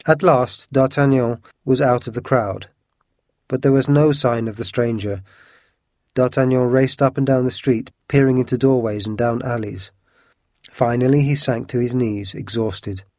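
A man's voice: medium pitch, steady tone, moderate pace, a little mellow, no echo. Man narrating an audiobook, dry sound. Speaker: storyteller.

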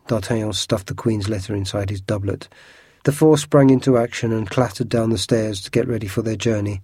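Dark, husky male storyteller. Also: on the low side, fairly quick, dry recording, studio quality. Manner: expressive, lively reading. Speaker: narrator. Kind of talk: storybook reading.

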